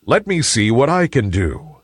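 A man voicing a wise, kindly male sun in a children's story, speaking gently and in a measured way. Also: mid-range voice, sing-song, breathy edge, no room sound, studio quality.

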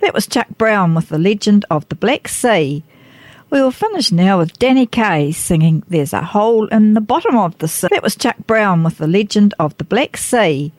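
A woman radio host announcing the next program segment in a plain, clear way. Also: medium pitch, very animated, moderate pace, darkish tone, dry recording.

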